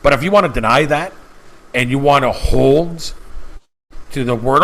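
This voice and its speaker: A man's voice: medium pitch, normal speed, long pauses, a bit bright, poor audio. Fervent man preaching with restarts. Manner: emphatic, repetitive, stumbles and restarts. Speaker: channel host. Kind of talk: impassioned preaching monologue.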